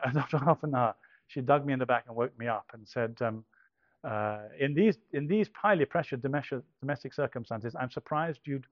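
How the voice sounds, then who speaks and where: A middle-aged man from England telling a personal story, halting and self-deprecating with many restarts. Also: mid-range voice, no room sound. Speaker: speaker telling a conversion story. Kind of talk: anecdotal storytelling talk. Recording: dull lo-fi dry recording.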